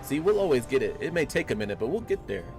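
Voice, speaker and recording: A young man streams a game from home, talking fast into a desk mic with a mid-range voice that swings widely in pitch. His casual chat with viewers is loose and rambling, packed with fillers, over game music.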